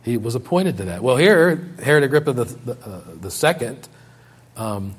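A male preacher delivering a sermon with a mid-range voice. He swings between raised, high quoted lines and low, quiet emphasis, repeating key phrases to drive them home. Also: normal speed, slightly rough. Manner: animated, rising high and loud when quoting and paraphrasing, dropping low for emphasis.

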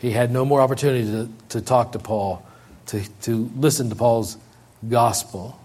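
A male preacher delivering a sermon with a mid-range voice. He swings between raised, high quoted lines and low, quiet emphasis, repeating key phrases to drive them home. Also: moderate pace. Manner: animated, rising high and loud when quoting and paraphrasing, dropping low for emphasis.

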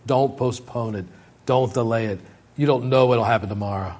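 A man preaching a sermon, reading scripture aloud and paraphrasing it, rising high and loud in quotes and dropping low and quiet to drive points home, repeating key phrases. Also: moderate pace.

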